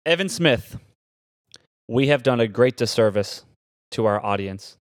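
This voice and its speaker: A man's voice: medium pitch, expressive, a little slow, no room sound. A man co-hosts a casual podcast in a playful, teasing way, often chiming in with short reactions. His voice sits in an ordinary middle range, and the recording sounds dry and close. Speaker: podcast co-host. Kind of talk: casual chat.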